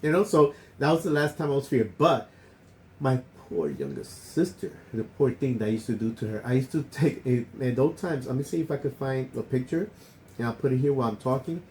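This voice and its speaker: Animated storytelling man, faint hiss. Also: mid-range voice, fairly quick, poor audio. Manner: animated, acts out quoted voices. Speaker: podcast co-host. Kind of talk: casual storytelling chat.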